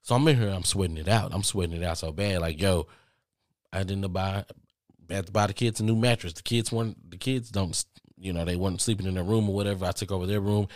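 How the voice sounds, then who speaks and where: A man vlogging, telling a story casually to his viewers with lots of cursing and animated asides. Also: sits low, fast, no room sound, clean studio sound. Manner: profane, animated, talks straight to viewers.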